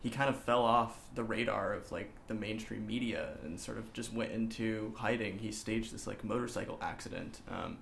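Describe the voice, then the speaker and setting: A man's voice: on the low side, moderate pace, vocal fry, few pauses, a bit bright. A young man in casual discussion, with lots of fillers. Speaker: student interviewer. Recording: roomy echo with faint noise.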